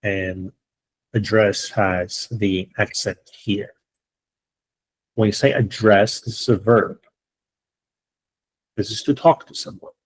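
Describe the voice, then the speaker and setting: Low husky male English teacher. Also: steady tone, takes it slowly, long pauses, low-quality recording. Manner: patient, explaining step by step with frequent "right?" checks. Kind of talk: online classroom lesson. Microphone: computer mic on a video call.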